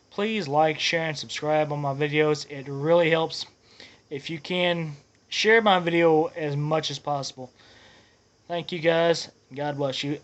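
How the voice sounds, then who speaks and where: A man's voice: on the high side, lo-fi sound. A man talking casually to his viewers in a vlog update, rambling a little, earnest and thankful. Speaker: channel host.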